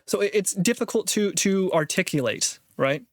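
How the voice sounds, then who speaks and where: Rambling man thinking aloud, fairly high voice. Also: lively intonation, normal speed, no echo. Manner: acts out other people's voices in quotes. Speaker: vlogger. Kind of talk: casual monologue.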